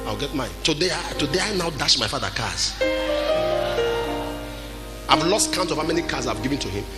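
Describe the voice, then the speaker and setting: Shouting preacher over music. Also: male voice, on the high side, lively intonation, moderate pace. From Nigeria. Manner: exhorting, swings from shouting to quiet storytelling. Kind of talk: sermon. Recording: music behind the voice.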